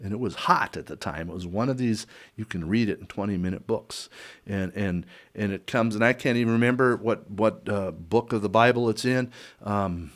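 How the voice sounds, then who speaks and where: A man's voice: fairly low pitch, normal speed. An older man, a podcast guest, telling a personal story in a conversational interview, acting out the dialogue with chuckles and restarts.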